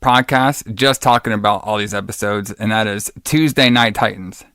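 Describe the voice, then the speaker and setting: This man co-hosts a laid-back podcast, filling his rambling talk with fillers as he gushes over old wrestling shows. He speaks in a lowish, fairly bright voice at a moderate pace, recorded at studio quality with no echo.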